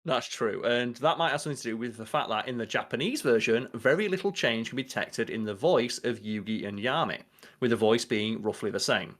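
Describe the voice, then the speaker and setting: A young adult man co-hosts a podcast, chatting casually and riffing with a lot of swearing. His mid-range voice is brisk and a bit bright.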